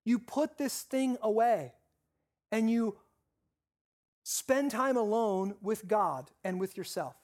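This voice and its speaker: A pastor preaching a sermon with repeated, stressed phrases, slowing down on key lines and asking the congregation questions. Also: mid-range voice, a little mellow.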